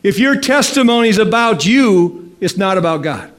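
A man preaching a sermon as pastor, stretching key phrases slowly and calling out questions to the congregation. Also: high-pitched, expressive. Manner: slow emphatic preaching with drawn-out phrases and calls to the congregation.

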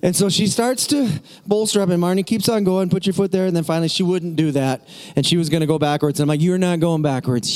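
A middle-aged man preaching with a lively story, acting out voices and shouting encouragement. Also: high-pitched, fast talker, hardly any pauses. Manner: animated, acts out the people in his story, shouts encouragement. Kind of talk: storytelling sermon.

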